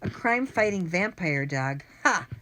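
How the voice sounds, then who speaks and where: A woman's voice: fairly low pitch, lively intonation, normal speed, a bit bright. Woman doing a blustering, wheezing villain man. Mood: scornful. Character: bullying greedy adult man villain. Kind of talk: audiobook character voice.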